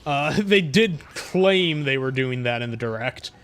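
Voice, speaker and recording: A young man streaming a game and ranting to chat, profane and quick to anger. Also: medium pitch, expressive, a bit bright. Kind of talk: casual gaming stream chat.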